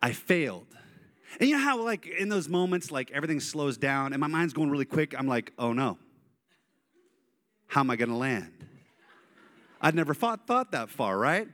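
A male pastor preaching a sermon, telling animated personal stories and speaking directly to his congregation. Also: a little high, fairly quick. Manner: animated, storytelling, addresses congregation.

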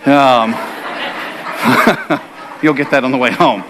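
A man's voice: medium pitch, drawn-out words, over a noisy crowd, heavy background noise. A middle-aged male pastor preaching a sermon, telling a humorous personal story before building to emphatic preaching.

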